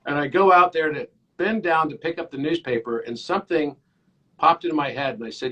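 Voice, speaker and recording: A man in his fifties speaks as a podcast guest, earnest and animated as he tells his stories. His voice is husky and sits fairly high for a man. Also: a little fast, rough recording. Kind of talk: casual interview chat.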